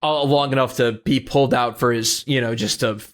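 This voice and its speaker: A young man co-hosting a podcast, telling a rambling, animated recap of a reality series in a casual chat full of restarts. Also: mid-range voice, fairly quick. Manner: animated storytelling with frequent "like" and restarts. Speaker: podcast co-host.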